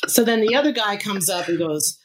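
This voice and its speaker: There's background noise as a woman in her fifties, a musician, tells a story fairly quickly in a mid-range voice during a casual interview. She laughs often and animatedly acts out quotes from others.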